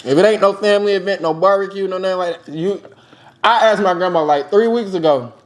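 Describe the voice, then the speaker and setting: Young man, high voice, animated storyteller, casual mukbang chat. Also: quick pace. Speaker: host.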